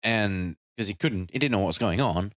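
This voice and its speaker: Young man, low voice, crude jokes, casual podcast chat, dry close sound. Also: normal speed, a bit bright, dry recording. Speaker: podcast co-host.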